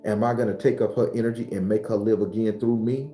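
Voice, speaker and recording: A man giving a blunt, profane, preachy spiritual talk, whose voice climbs and gets loud when he is fired up. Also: on the low side, fairly even intonation, fast, reverberant. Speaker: spiritual teacher.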